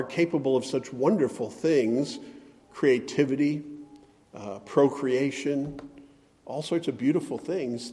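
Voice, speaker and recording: A male pastor preaches in a measured, deliberate manner, sinking to quiet phrases and climbing to emphatic ones. His pitch is medium, and the sound is that of a big room.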